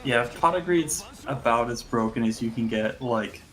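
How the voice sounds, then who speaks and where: A man's voice: medium pitch, normal speed, a bit bright. A man chatting casually on a gaming stream, rambling with frequent restarts and laughing often.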